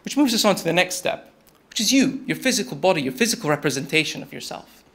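A young man with a noticeably high voice gives a TED-style talk. He tells a story in a relaxed, conversational way and keeps speaking straight to his listeners as "you". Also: fast talker.

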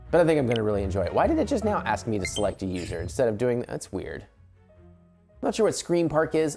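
Over video game music, a man with a lowish, warm voice records a let's play late at night. He keeps quiet, drifts from topic to topic, and laughs frequently.

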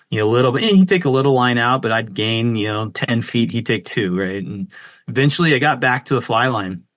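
A man in his forties, a fishing guide, telling a story with excitement and lots of fillers, jumping up in pitch when he quotes others. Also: no echo. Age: 40s. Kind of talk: animated storytelling in a podcast interview.

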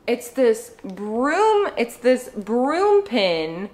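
A young woman vlogging at home, chatting excitedly as she unboxes gifts and gushes over them. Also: a little high, a little slow. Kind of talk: casual unboxing vlog.

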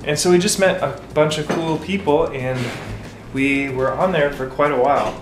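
A man's voice: fairly high pitch, moderate pace, noisy background. A man co-hosting a casual home vlog, chatty and upbeat, talking straight to his viewers from the kitchen. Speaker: vlog co-host. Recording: roomy home recording with background music.

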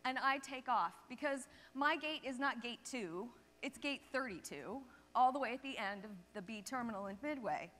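A woman chiropractor giving a seminar talk, telling lively anecdotes and checking in with the audience. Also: on the high side, normal speed, hardly any pauses. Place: seminar hall stage. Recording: long reverb of a seminar hall.

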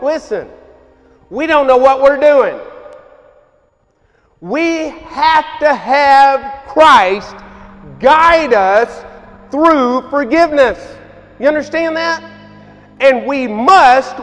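A man's voice: extremely high pitch, a bit bright. A man, preaching a sermon in a folksy, emphatic way. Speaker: pastor. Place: church hall. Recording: hall reverb with faint music.

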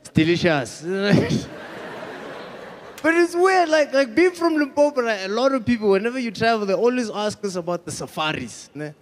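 High-voiced South African comic. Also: male voice, very animated, normal speed, slight background noise. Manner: chatty, laughs at his own jokes. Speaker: stand-up comedian. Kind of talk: stand-up comedy set.

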